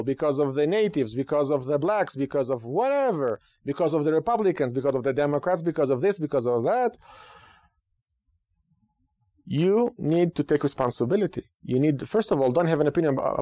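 A man who is a rabbi and a radio podcast host, giving lively talk-show commentary with rhetorical questions and repeated phrases for emphasis. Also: fairly high pitch, no room sound, studio quality.

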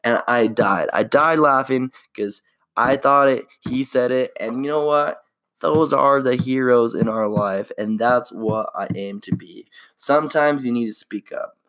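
A young man chats alone on his podcast with an upbeat, slangy ramble. His voice has a gravelly fry at mid pitch. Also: unhurried, fairly bright tone. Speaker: podcast host. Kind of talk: casual solo podcast chat.

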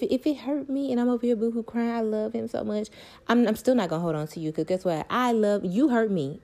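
A woman's voice: mid-range voice, warm tone. A young woman, talking candidly and emphatically to her viewers about her love life and self-worth, repeating points for stress. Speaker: vlogger.

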